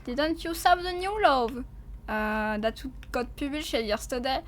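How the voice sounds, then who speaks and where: A woman with a French accent and French as her first language, streaming a game and chatting to viewers, excitable and quick to yelp and swear. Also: high voice. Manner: excitable, bursts into yelps and swearing. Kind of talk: gameplay livestream commentary.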